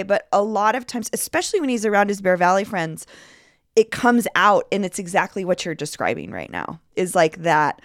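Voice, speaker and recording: A woman's voice: mid-range voice, dry recording, studio quality. A woman from Colorado hosting a casual interview, chatty and enthusiastic. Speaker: podcast host.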